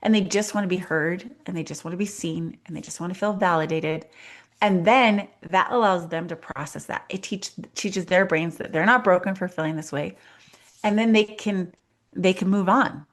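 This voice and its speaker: A woman co-hosting a podcast as a life coach, talking in an animated, emphatic way and acting out voices in casual conversation. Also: lowish voice, normal speed. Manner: animated, acts out children's voices, repeats for emphasis.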